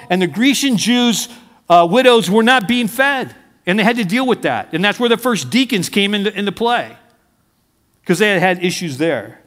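A man's voice: sits high, fairly bright tone. A middle-aged male pastor giving a conversational sermon, full of stories and asides to the congregation. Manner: conversational, anecdotal preaching with asides. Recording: hall reverb.

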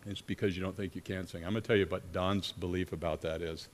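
A man preaches with a very deep, low-pitched voice that trails through the long reverb of a large church hall. He speaks earnestly and haltingly, often stopping partway and starting his sentences again. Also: fairly even intonation. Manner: earnest, halting with many restarts. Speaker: pastor or worship leader. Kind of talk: sermon.

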